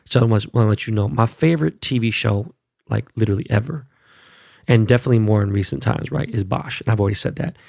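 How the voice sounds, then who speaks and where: A man's voice: lowish voice, quick pace, vocal fry, a little mellow, no room sound, clean studio sound. A man hosting his own podcast, talking bluntly and profanely in a fired-up casual monologue, often tagging lines with "right?" and "okay?". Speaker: podcast host.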